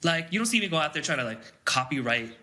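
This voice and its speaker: A man with a very bright, forceful voice co-hosts a casual podcast chat. He rants about his gripes and swears freely, and his tone is tense and sharp. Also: fairly high pitch, sing-song, fast talker. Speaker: podcast co-host.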